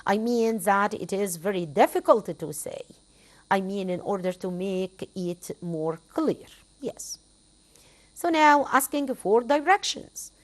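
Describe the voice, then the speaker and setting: A woman's voice: medium pitch, animated, takes it slowly. An Egyptian woman teaching an English lesson, a native Arabic speaker who repeats phrases for her students and slips into Arabic to explain.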